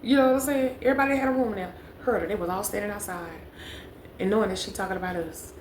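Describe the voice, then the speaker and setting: A woman's voice: medium pitch, very fast. A young woman telling a storytime vlog, chatty and talking straight to viewers, repeating phrases for emphasis. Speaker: vlogger. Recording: echoey room with faint background noise.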